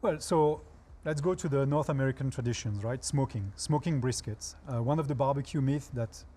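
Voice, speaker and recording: A man from France with a French accent, a guest chef in a TV talk show interview, explaining things in a relaxed way with dry humor. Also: mid-range voice, fairly quick.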